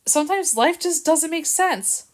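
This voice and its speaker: A woman's voice: high voice, animated, a little slow, voice pushed up. A woman reading aloud and voicing Harrison, a kennel owner who soothes but dodges questions. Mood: soothing. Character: nervous, evasive man who runs a kennel. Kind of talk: audiobook reading.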